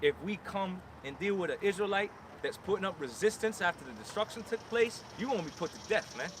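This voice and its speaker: A man's voice: high-pitched, animated, a little fast, background noise. A man preaching emphatic warnings outdoors at a street camp. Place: outdoors on a city street with traffic.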